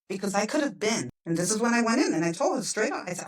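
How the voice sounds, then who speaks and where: A woman's voice: medium pitch, sing-song, quick pace, few pauses, distant mic, rough recording. A woman guest telling a personal story with animation, acting out the dialogue.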